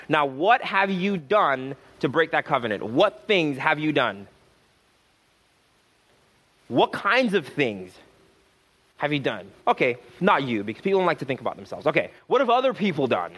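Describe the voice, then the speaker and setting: A man's voice: a little high, sing-song, a bit bright. Fervent male preacher stressing each phrase. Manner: repetitive restarts, rising to fervent emphasis, slows for key phrases. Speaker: pastor. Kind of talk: sermon.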